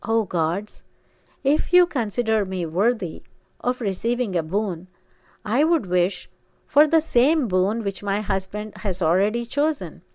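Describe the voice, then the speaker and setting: Woman narrator doing a saintly sage's wife, devoted, solemn, emphatic, very slow and measured, dry close sound. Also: mid-range voice, expressive, darkish tone, no room sound, natural voice. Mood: gentle.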